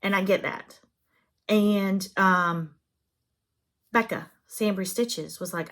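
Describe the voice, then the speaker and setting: A woman's voice: mid-range voice, a bit bright. A middle-aged woman with a Southern US accent, hosting a craft channel in casual, chatty, encouraging vlog talk. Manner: chatty and encouraging, drawn-out phrasing.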